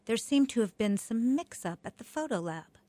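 A woman's voice: on the high side, animated, moderate pace, dark tone, no room sound. Wry woman reading a memoir, dry sound. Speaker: memoir narrator.

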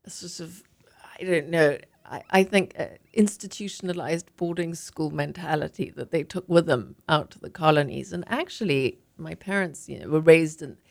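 A woman's voice: low voice, vocal fry. A woman author from Zimbabwe reading her memoir aloud and talking thoughtfully in an interview. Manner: thoughtful, with frequent restarts in conversation. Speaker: author and guest.

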